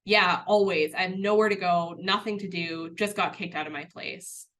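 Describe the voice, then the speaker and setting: A woman voicing a dejected person who was just kicked out of their home, speaking in a flat, downcast way. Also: lowish voice, normal speed, slight background noise, lightly acted.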